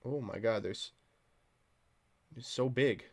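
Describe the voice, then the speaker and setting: A man streaming from home, telling a story in casual chat, animated and swearing freely. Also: mid-range voice, takes it slowly, creaky, breathy edge.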